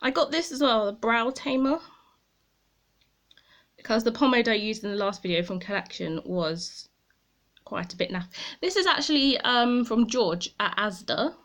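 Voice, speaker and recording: This woman's voice is a little high and fairly bright, with lively intonation, a moderate pace, and frequent pauses. In her casual makeup review to camera, she rambles and comments on herself as she tries products.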